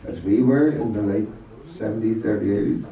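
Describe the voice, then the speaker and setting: A man's voice: fairly low pitch, brisk. An Irish man in his sixties, a musician talking in a live question session, rambling and reflective, swearing casually. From Ireland. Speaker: guest musician. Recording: roomy distant hall mic, muffled.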